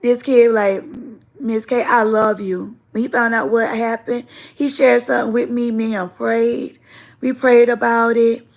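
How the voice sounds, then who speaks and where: Animated woman chatting on a livestream. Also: fairly high pitch, moderate pace, vocal fry. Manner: animated, emphatic storytelling with repetition. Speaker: livestream host and teacher. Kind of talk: casual livestream chat.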